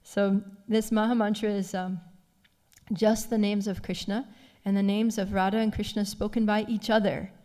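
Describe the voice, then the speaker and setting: Lady teaching a temple scripture class, lively storytelling, laughs a lot, mid pitch. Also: moderate pace, long reverb tail. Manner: animated retelling, laughs often. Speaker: class speaker.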